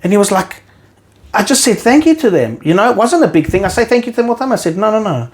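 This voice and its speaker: A South African man tells stories in a relaxed podcast chat, with his pitch swinging all over as he acts out what people said. His voice sits fairly high for a man, and the delivery stays animated and expressive throughout. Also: quick pace. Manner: animated storyteller who acts out quoted dialogue. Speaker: podcast guest, rabbi. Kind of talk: casual conversation.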